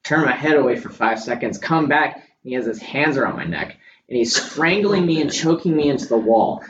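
A man's voice: mid-range voice, animated, brisk, background noise. A young man who is a photographer, chatting casually and candidly, swearing freely as he tells his stories. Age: young adult. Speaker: guest photographer. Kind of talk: casual podcast chat. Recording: roomy, distant, dull lo-fi sound.

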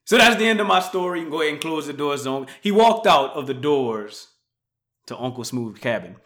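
A man hosting a podcast, telling a story casually, swinging from muttered asides to loud, animated bursts. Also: fairly high pitch, brisk. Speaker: podcast host.

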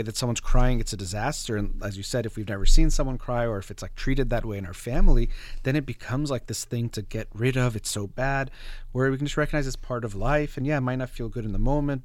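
A man's voice: medium pitch, fast, no room sound. A man, a therapist hosting a conversation, explaining ideas in an earnest, explanatory way. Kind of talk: casual conversation.

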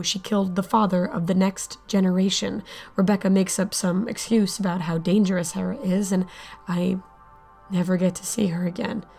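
A woman's voice: on the low side, vocal fry, dark tone. A woman narrating an audio drama in the first person, sardonic and blunt, swearing freely. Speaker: narrator and lead character.

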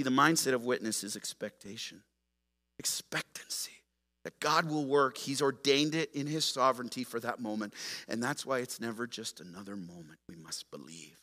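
A pastor preaches a sermon in a mid-range voice at a moderate pace, shifting from quiet storytelling to loud, emphatic exhortation.

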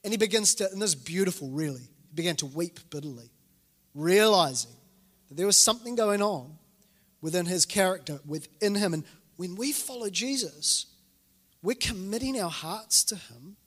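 A New Zealand pastor in his 40s preaches a sermon in a church hall, telling stories animatedly and acting out the voices of the people he quotes. His voice is high and his pace moderate, and the recording carries the reverb of the hall.

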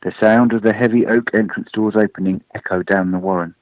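A man reads a storybook aloud in a lively, expressive way. His voice sits low and dry, with a dull lo-fi radio sound. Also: brisk, no echo. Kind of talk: storybook reading.

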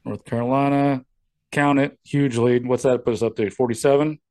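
A man's voice: medium pitch, fairly even intonation, brisk, crowd noise. A man co-hosting a podcast in a casual, laid-back chat, mostly giving short replies. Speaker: podcast co-host.

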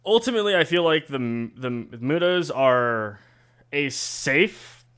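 A man co-hosting a podcast, giving measured, thoughtful opinions in casual chat, with some hesitations. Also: on the high side, big pitch swings, a bit bright, clear, resonant tone. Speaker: podcast co-host.

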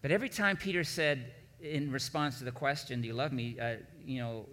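Man, pastor, sermon, emphatic rising peaks, middle pitch, long church-hall reverb. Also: normal speed, hardly any pauses, fairly bright tone. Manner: preaching with swelling emphatic peaks.

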